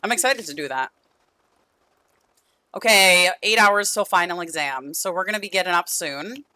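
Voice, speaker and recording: Young woman streamer, chatty and sweet, bright voice, voice a bit worn out. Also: fairly low pitch, lively intonation, moderate pace, no echo. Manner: chatty, affectionate, talks to game characters and chat. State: losing her voice. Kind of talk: casual gameplay stream chat.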